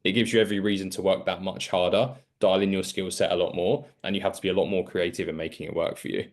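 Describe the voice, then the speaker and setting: A man with a very low voice coaching a student on a call. He is frank and direct, and he chains his advice into long run-on explanations. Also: level tone, quick pace. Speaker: sales coach.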